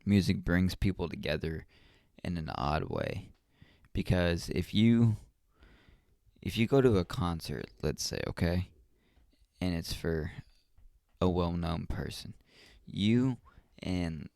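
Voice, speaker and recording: Young male podcast host, slow and rambling, reflective, dry close sound. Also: low voice, animated, vocal fry, a little mellow, no room sound. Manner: rambling and reflective, with many ums and restarts. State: yawning often. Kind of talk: casual solo podcast talk.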